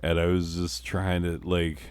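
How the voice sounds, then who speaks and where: A man's voice: deep voice, completely flat delivery, measured pace, a little mellow, smooth. A middle-aged man, a teacher and father, rambling through a profane, self-deprecating confessional monologue.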